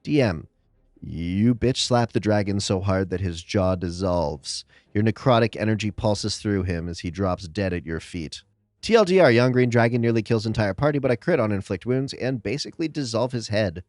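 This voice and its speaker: A man voicing a matter-of-fact male game master who narrates an outcome in a flat, deliberate way. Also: lowish voice, no room sound, studio quality, close to an everyday voice. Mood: deadpan.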